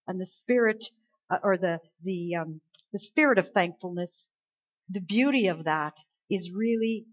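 A woman pastor from Canada preaching a sermon, emphatic and full of rhetorical questions. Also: medium pitch. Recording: slightly dull lo-fi sound.

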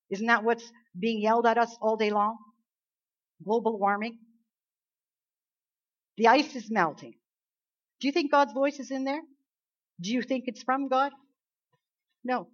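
A woman preaching a sermon, talking casually with the congregation and swinging between hushed and emphatic. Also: fairly high pitch, unhurried, long pauses, muffled recording.

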